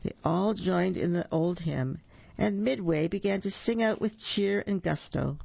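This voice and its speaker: Gravelly storyteller reading to children. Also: medium pitch, unhurried, no echo, highs cut off. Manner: warm asides to young listeners.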